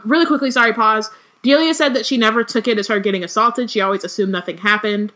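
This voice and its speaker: Young woman co-host, bright and chatty, rambling asides. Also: fairly high pitch. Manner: chatty, quick asides, frequent "like". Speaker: podcast co-host. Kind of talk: casual book discussion and reading aloud.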